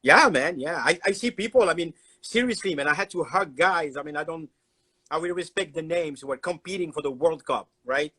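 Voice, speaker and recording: Man, somewhat high voice, animated, repeats words, casual storytelling. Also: a little fast, breathy edge, low-quality recording. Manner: animated, repeats words, broken English phrasing. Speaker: chocolatier guest. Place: Instagram Live stream.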